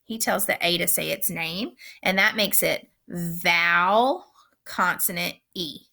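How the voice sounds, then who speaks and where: A woman teacher giving a recorded phonics lesson for young children, speaking slowly and patiently with careful, clear enunciation. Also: on the low side, bright, forceful tone.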